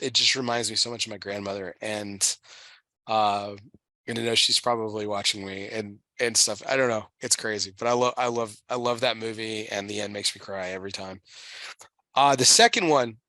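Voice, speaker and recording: A man in his thirties, a podcast host, chatting emotionally with halting restarts and casual swearing. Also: fairly low pitch, bright, forceful tone, no echo. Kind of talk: casual chat.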